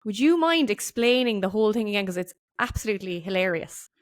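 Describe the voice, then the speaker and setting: Woman, podcast host; mid-pitched, casual, rambling and enthusiastic. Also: expressive, fast talker. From Ireland. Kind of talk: casual interview chat.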